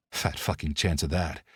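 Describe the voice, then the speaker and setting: A man giving steady, expressive scripted audiobook narration. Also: rumbling low, measured pace, breathy edge, no echo, studio quality.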